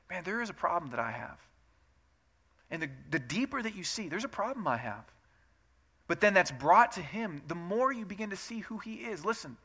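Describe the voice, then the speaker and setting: A man preaching a sermon as a pastor, in a conversational way, acting out prayers and quotes and swinging from hushed to loud and emphatic. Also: high-pitched.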